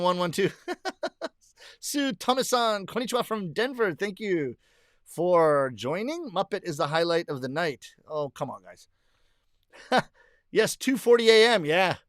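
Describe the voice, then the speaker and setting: A man's voice: a little high, fairly bright tone, clear, resonant tone, no echo, clean studio sound. A middle-aged man hosting a livestream, casually chatting and reading viewer comments aloud, laughing often.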